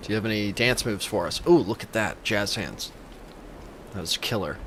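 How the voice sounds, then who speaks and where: A man's voice: fairly low pitch, moderate pace, fairly bright tone, slight background noise. A man giving comedic gameplay commentary as a gaming YouTuber, joking in a playful, mock-reverent way.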